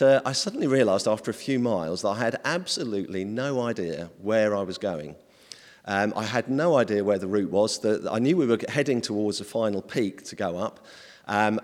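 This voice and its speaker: Low-voiced preacher in a reverberant hall. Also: male voice. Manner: conversational and hesitant, with many ums. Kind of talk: informal sermon.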